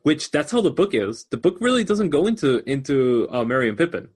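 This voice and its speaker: A man's voice: a little high, very animated, brisk, darkish tone, slightly rough. A man co-hosting a podcast in casual chat, animatedly explaining book lore at length. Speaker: podcast co-host.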